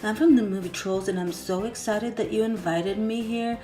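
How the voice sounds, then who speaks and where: A woman's voice: mid-range voice, fairly even intonation, normal speed, warm tone, close to an everyday voice. Woman doing an eager sweet giant maid. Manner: eager, polite, gushing. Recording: echoey room, faint music.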